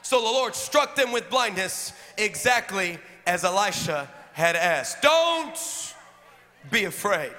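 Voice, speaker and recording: A man preaching and praying to a church congregation, shouting his points and repeating them in call-and-response. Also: high-pitched, sing-song, slow pace. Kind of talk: sermon and prayer. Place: church sanctuary. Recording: long reverb of a large hall.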